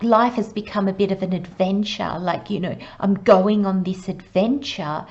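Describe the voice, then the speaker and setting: A woman giving a casual tarot reading, excitable and rambling, with frequent laughs and soft asides. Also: medium pitch, dull audio. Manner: excitable, rambling, laughs often, sometimes drops to a whisper. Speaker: tarot reader.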